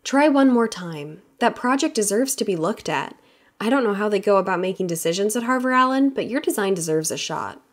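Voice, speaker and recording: Woman reading a friendly young intern girl in a storybook, a bit brighter than the narration. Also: mid-range voice, expressive, brisk, pitched above the performer's own voice, natural voice.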